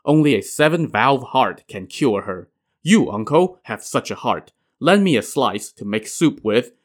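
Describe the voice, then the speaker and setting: A man's voice: mid-range voice, expressive, measured pace. A man voicing a cruel, careless tyrant king who talks in an offhand, dismissive way. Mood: coaxing.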